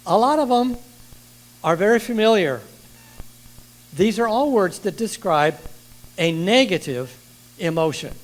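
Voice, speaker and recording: An older man preaching a sermon in a church, lively and asking the congregation questions. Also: high voice, a little slow, long pauses, low-quality recording.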